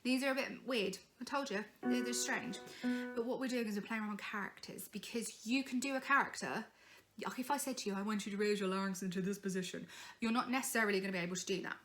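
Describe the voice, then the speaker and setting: A woman's voice: medium pitch, fast, fairly bright tone, faint music behind. A young woman coaching singing in a chatty, encouraging way, breaking into vocal demonstrations. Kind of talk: informal singing tutorial.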